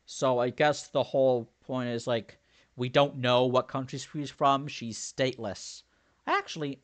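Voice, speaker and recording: A man's voice: mid-range voice, lively intonation, a little slow, fairly bright tone. A man playing through a story game, reading the characters' lines in his own voice and breaking off to joke and theorize. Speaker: let's play commentator. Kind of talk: game playthrough reading dialogue aloud.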